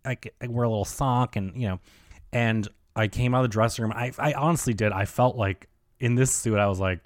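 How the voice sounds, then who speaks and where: A man's voice: lowish voice, fairly even intonation, moderate pace, no room sound, studio quality. A man hosting a podcast alone, telling a story in a loose, campy way and saying "like" constantly. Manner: chatty, heavy on "like", campy slang. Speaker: podcast host. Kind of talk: casual solo storytelling.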